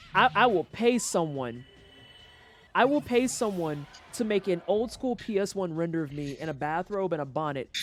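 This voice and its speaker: A young woman streaming a game, ranting with heavy profanity and exasperation. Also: low voice. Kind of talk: casual gameplay commentary.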